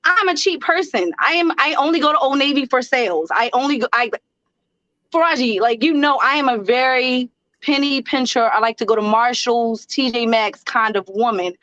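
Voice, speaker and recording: A woman's voice: on the high side, normal speed, fairly bright tone, dry recording. A woman co-hosting a talk show, chatting candidly and laughing often. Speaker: co-host. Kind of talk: casual chat. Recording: dry, dull lo-fi audio.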